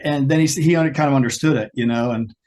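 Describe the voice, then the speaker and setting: A man being interviewed over a video call, telling lively stories and acting out the quoted lines. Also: fast talker. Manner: animated storyteller, acts out quoted lines with a higher pitch. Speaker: guest guitarist. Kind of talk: storytelling in an interview.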